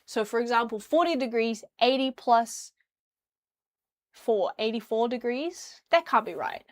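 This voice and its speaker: A woman's voice: fairly high pitch, steady tone, a little slow. Chatty young woman from New Zealand. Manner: rambling, chatty, hums and sings nonsense syllables while tidying. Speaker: livestreamer. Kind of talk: casual livestream chat. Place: her bedroom.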